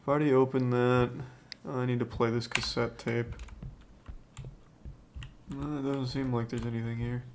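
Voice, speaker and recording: A man giving deadpan, sarcastic commentary while playing a horror game on stream, with sudden startled yelps at the scares. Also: mid-range voice, moderate pace, pauses often, slight background noise. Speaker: gaming streamer. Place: home streaming setup on webcam.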